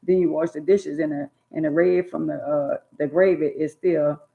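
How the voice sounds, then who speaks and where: Recalling her childhood in casual chat, a woman speaks at a normal pace in a gravelly voice thick with vocal fry and a lilting rhythm. She turns animated when acting out scolding parents, breaking into loud, shrill bursts, and the audio sounds thin, like a phone line.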